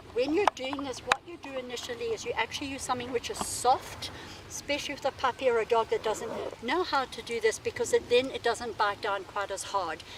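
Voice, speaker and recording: A woman dog trainer explaining an exercise in a calm, instructive way. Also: fairly high pitch. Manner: calm, explanatory, with sudden sharp yelps. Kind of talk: instructional demonstration. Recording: background noise.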